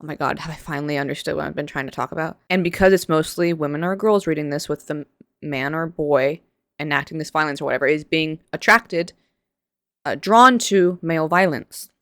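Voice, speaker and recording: A young woman giving casual, rambling commentary to her viewers, full of restarts, asides and quick laughs. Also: deep voice, a bit bright, no echo. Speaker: video essayist.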